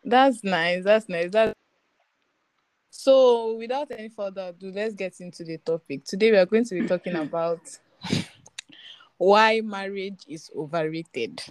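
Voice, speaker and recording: A young woman hosts a relaxed podcast, chatty and teasing with her guest. Her voice sits at an everyday pitch. The sound is dry and close. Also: moderate pace, dry recording. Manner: playful, teasing, laughs often. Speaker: podcast host. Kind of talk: casual podcast chat.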